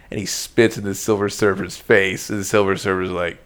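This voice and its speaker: Low-voiced man, rambling profane storyteller in casual comedic chat. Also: flat delivery, brisk, hardly any pauses, a bit bright. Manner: rambling, profane, acts out characters mid-story.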